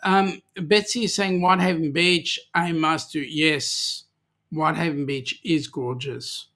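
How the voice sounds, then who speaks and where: A man's voice: fairly high pitch, steady tone, a little slow, pushed and bright. A man with an Australian accent hosting a casual livestream, reading out viewer comments with lots of hesitant ums and playful teasing. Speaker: livestream host.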